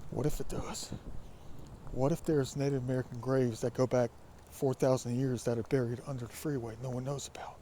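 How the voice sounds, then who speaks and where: A man with a raspy, allergy-stuffed voice, musing and rambling in a casual vlog by a creek. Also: medium pitch, steady tone, a little fast, dark tone, slight background noise. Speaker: vlogger. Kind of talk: casual walking vlog monologue. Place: outdoors by a creek.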